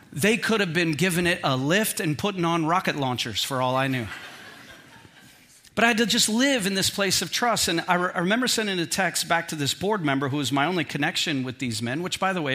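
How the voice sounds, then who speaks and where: A middle-aged man preaching from the pulpit in a bright, forceful voice that sits a little high. He tells his story in an animated way, pokes fun at himself and keeps the tone humorous. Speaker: pastor. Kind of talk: sermon with personal storytelling.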